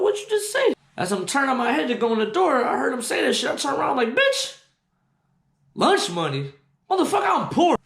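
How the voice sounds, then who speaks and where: A young man telling a story from his own life, cursing freely and getting worked up as it goes. His voice sits a little high for a man. The sound carries the echo of a bare room. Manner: profane, animated storytelling that gets loud when quoting himself. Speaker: host. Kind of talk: casual storytelling.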